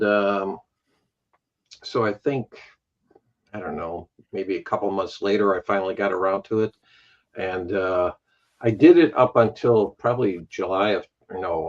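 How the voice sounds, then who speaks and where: A man with a Chicago accent, a guest on a live stream, telling stories in a rambling, self-deprecating way. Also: on the low side. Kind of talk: casual chat on a live stream. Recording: dull lo-fi stream audio.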